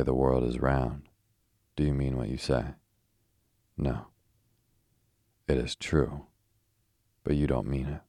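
Syme, a man reading a sharp young poet. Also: a bass voice, creaky, no room sound, studio quality, exaggerated voice. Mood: gentle. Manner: irritable, grim, then gently ironic.

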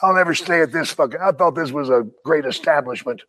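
A man's voice: fairly high pitch, fast talker, low-quality recording. Older man spinning profane stories. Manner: profane, animated, laughs while telling stories. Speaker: guest, retired pro wrestler. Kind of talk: casual storytelling.

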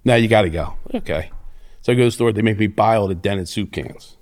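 A man's voice: on the low side, quick pace. A middle-aged man, telling stories as an interview guest in a profane, cocky way. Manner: profane, cocky, animated storyteller. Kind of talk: casual storytelling.

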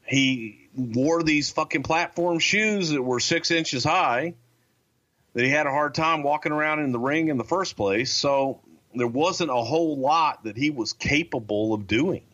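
Gruff, cussing male guest, plain-spoken anecdotes, slightly muffled recording. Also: a little high, measured pace, a bit bright. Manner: blunt, profane, gruff storyteller. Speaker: guest, former wrestling promotion insider. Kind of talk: interview storytelling.

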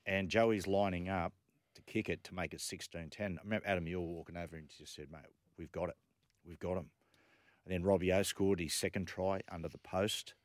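Low-voiced man telling stories. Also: fairly quick, no room sound. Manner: animated anecdotes with acted quotes. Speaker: radio co-host. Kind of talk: casual storytelling on radio.

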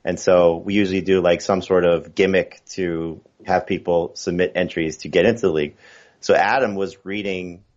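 A man's voice: deep voice, steady tone, moderate pace, darkish tone, highs cut off. A man talking fantasy football as a podcast guest, chatty and full of fillers and restarts. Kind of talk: casual podcast chat.

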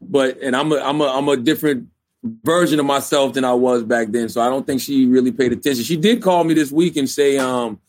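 A man from South Carolina, a radio host guesting on an interview, talking in a relaxed, chatty way. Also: mid-range voice, fairly quick. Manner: relaxed, chatty, many fillers like "you know". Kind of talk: candid interview conversation.

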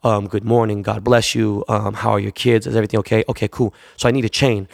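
A man's voice: lowish voice, flat delivery, fast talker, gravelly, hardly any pauses, dry recording, studio quality. A man, a jeweler, telling a long casual anecdote in a profane, rambling way, acting out the people he quotes. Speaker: jeweler and store owner.

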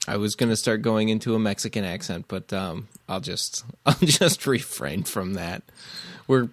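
A man co-hosting a podcast in casual chat, easygoing and quick to laugh. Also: lowish voice, no room sound. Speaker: podcast co-host.

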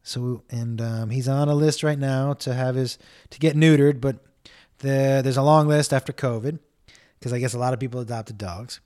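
A middle-aged man hosting a casual comedy podcast, telling stories in an animated way, acting out the people he quotes, swearing often. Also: medium pitch, normal speed. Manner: animated storytelling, acts out quotes, swears, talks to his dog.

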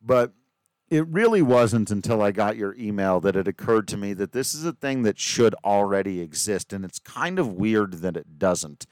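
In a lowish, expressive, slightly mellow voice at a moderate pace, a man hosts a casual podcast, reading listener emails and an ad. He's joking and self-deprecating, and the recording is dry.

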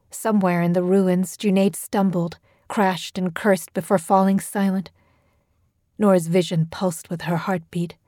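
A woman narrates a horror story with a steady, measured delivery. Her tone is mellow and dark, recorded dry and close on a studio mic. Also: fairly low pitch, dry recording.

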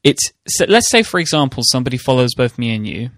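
A man's voice: medium pitch, sing-song, quick pace, a bit bright, no room sound, studio quality. A man hosting a podcast, chatting in a friendly, teasing way. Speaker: podcast host. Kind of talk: casual chat.

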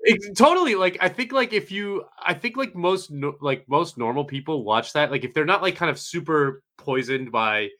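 A man's voice: fairly high pitch, lively intonation, normal speed, few pauses, bright, forceful tone. A man co-hosting a podcast, rambling through his points with many restarts. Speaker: podcast co-host. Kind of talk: casual chat.

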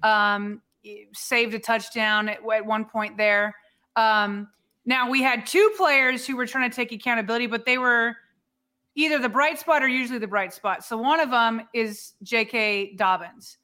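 A woman's voice: fairly high pitch, moderate pace, pushed and bright. A woman co-hosting a sports podcast, chatting casually and building up her questions to a guest. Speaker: podcast co-host.

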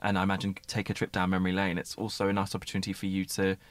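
A man's voice: deep voice, completely flat delivery, racing, dry recording. A man hosting a podcast interview, asking long, eager, rambling questions. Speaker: podcast host. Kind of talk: conversational interview.

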